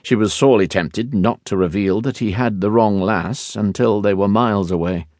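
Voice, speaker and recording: A man narrating a historical romance audiobook in measured, expressive storytelling. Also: on the low side, dry recording. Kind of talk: scripted narration.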